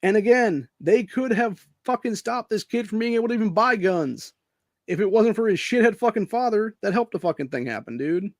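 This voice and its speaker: This podcast host, an American man, sounds high-pitched and animated as he rants fairly quickly about politics, cursing and saying "dude" and "man" throughout. The sound is dry and studio-clean.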